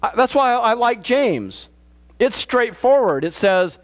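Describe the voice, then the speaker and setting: High-voiced man preaching a casual sermon. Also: big pitch swings, measured pace. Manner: plain-spoken and matter-of-fact, with frequent restarts. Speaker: pastor. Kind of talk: conversational sermon. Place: church.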